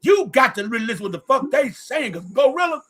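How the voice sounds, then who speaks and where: High-voiced, fast, profane man. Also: sing-song, fairly bright tone. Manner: profane, storytelling, frequent fillers. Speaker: podcast host. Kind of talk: casual group chat.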